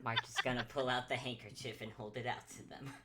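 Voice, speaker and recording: A woman's voice: very deep voice, steady tone, fairly quick, heavy background noise. A woman player in a tabletop game, describing what her character does in the third person.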